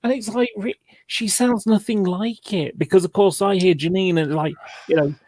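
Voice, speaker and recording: Higher-voiced man, dry sound. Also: moderate pace, a little mellow, no room sound. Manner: rambling, self-correcting. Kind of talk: casual group chat.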